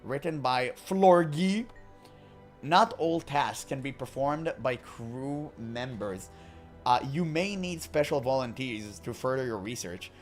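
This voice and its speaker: Man reading game lore aloud, joking. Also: medium pitch. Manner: reads in-game books aloud with joking asides and laughs. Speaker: gaming commentator.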